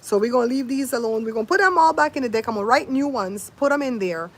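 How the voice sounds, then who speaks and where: A grandmother livestreams casually from outdoors, chatting with viewers by name, recounting stories, and mimicking sounds against faint wind noise. She talks fast in a slightly high, expressive voice.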